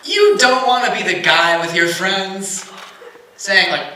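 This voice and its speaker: On a comedy stage before a laughing crowd, a young comic recounts a family tale and performs his parents' dialogue in a high-pitched, animated, unhurried voice. The live room is loud, and the sound is roomy and distant.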